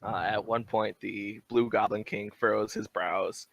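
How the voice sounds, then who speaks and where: A man's voice: fairly low pitch, steady tone, unhurried, creaky, a bit bright, no room sound, muffled recording. A man narrating a tabletop game as dungeon master in a playful way. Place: home room on a live stream.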